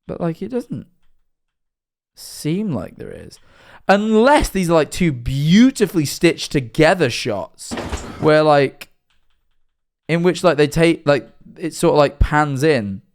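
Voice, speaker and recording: A man with a fairly high, expressive voice speaks slowly while livestreaming and reacting to videos. He rambles with plenty of fillers, gets worked up, then turns sheepish in this casual stream commentary.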